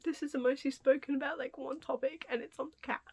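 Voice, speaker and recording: A young woman with a high voice chats casually as a commentary vlogger. She sounds amused and incredulous and drops into whispered asides. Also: fairly even intonation, quick pace.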